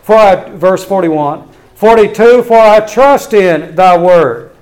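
High-voiced preacher giving a sermon. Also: male voice, lively intonation, takes it slowly, a little mellow, poor audio. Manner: earnest, emphatic scripture reading and exhortation.

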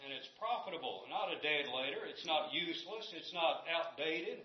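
A man's voice: a little high, lively intonation, normal speed. A man teaching a church Bible class, reading scripture aloud and putting questions to his students. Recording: echoey room, dull lo-fi sound.

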